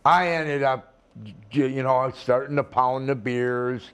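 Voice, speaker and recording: Older male wrestler, slow deliberate talker, swears and plays every part. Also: mid-range voice, steady tone, clean tone. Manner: slow, rambling storytelling with profanity and acted-out quotes. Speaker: retired wrestler, interview guest. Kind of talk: storytelling shoot interview.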